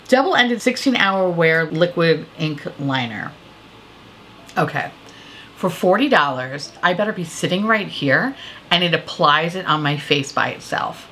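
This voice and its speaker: A woman's voice: on the low side, measured pace, a little hiss or hum. A woman vlogger reviewing makeup releases in a profane, exasperated rant. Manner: exasperated, profane, animated ranting. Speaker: beauty vlogger. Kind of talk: profane ranting commentary on product prices.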